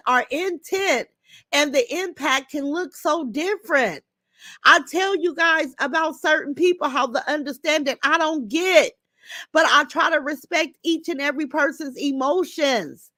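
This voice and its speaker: In a high voice that's pushed and bright, an older livestream host moves at a measured pace through chat comments. Her replies are blunt, heated and full of swearing, captured in dry, close sound without echo.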